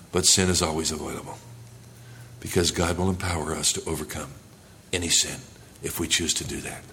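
A male pastor preaching a sermon in church, earnest, rising for emphasis and dropping low and quiet. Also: a little hiss or hum.

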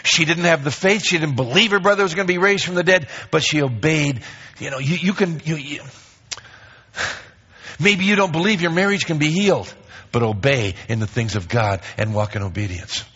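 A man preaching a sermon, reading scripture aloud and stressing key phrases with lively emphasis. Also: fairly high pitch, moderate pace, breathy edge, dull audio. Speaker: pastor.

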